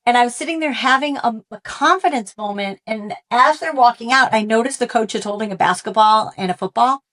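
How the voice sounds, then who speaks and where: A woman's voice: fairly high pitch, fairly quick, a bit bright. A middle-aged woman, a sports reporter, telling stories as a guest in a casual conversation. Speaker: NFL sideline reporter, guest.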